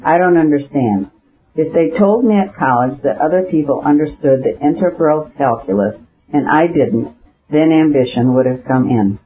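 A man voicing a gentle, withdrawn landowner in an audiobook reading, answering gently and unwillingly. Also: fairly high pitch, expressive, normal speed, natural voice. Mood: reluctant. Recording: dull lo-fi recording.

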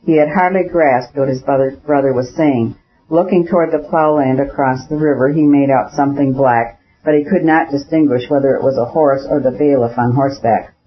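Male audiobook narrator, steady and measured, mid-pitched; dull lo-fi sound. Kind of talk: scripted narration. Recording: dull lo-fi recording.

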